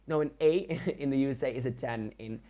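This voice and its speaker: A young man from the Netherlands with a Dutch accent, a native Dutch speaker telling a rambling story in a casual voiceover while he builds in a game, with self-deprecating asides and halting restarts. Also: mid-range voice, mellow.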